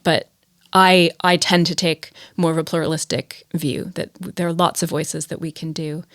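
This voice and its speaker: A woman's voice: sits low, little pitch movement, moderate pace, a bit bright, no echo, studio quality. A woman from Long Island, New York, speaking as a guest writer in a casual podcast chat. She talks in a thoughtful, musing way, with loose restarts and fillers.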